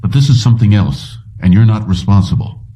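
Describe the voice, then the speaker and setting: A man voicing a weary middle-aged police commissioner who talks in a somber, measured way. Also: fairly low pitch, mellow, recorded from a distance, lightly acted.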